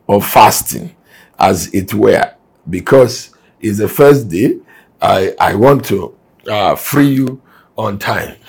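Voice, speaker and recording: Husky-voiced male preacher giving a sermon. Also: medium pitch. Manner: emphatic, rising to forceful exhortation; reads scripture aloud and explains it. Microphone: broadcast to remote listeners.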